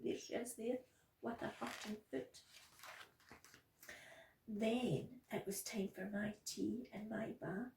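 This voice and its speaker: A woman who works at a nursery, reading a picture book aloud to young children in a gentle, expressive way. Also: mid-range voice, takes it slowly, vocal fry, long pauses, reverberant, distant mic, slight background noise, poor audio. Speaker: nursery practitioner.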